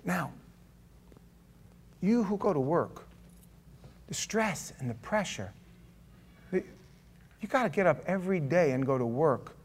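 Guy preaching, fairly high voice, gets loud then drops quiet, stumbles and restarts a lot. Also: unhurried, pauses often. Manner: animated, swings from loud to quiet; conversational asides, stammers and restarts. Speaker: pastor. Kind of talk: sermon.

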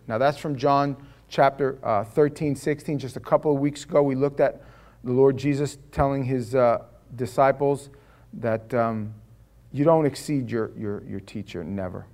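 A pastor preaching a sermon in an animated, conversational storytelling way. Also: male voice, medium pitch, normal speed.

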